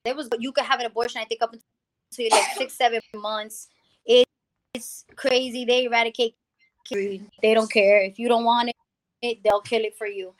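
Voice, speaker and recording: A woman from the Bronx, giving a lively personal testimony as an interview guest and acting out the people she quotes. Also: fairly high pitch, normal speed, slight background noise. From the Bronx, New York. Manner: animated storytelling, acting out quoted people, calls the host "girl". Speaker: guest, music founder.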